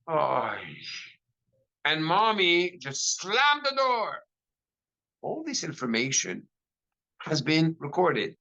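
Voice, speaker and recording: A middle-aged man, a rabbi, giving a lecture to a class in an animated storytelling way, with frequent restarts. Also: mid-range voice, dull audio.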